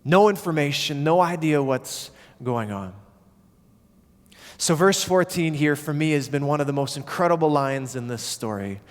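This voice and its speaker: A man preaches a sermon, his voice a little higher than most men's. He tells the story vividly and acts out the quoted voices. The sound carries a long reverb from the church hall. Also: expressive, moderate pace. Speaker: pastor.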